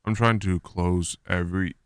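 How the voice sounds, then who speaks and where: Man streaming, crisp smooth voice, rambling restarts, dry sound. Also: low-pitched, steady tone, normal speed, no echo. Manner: rambling, restarting sentences, exasperated about tech issues. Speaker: streamer hosting a watch party. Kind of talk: casual live-stream chat.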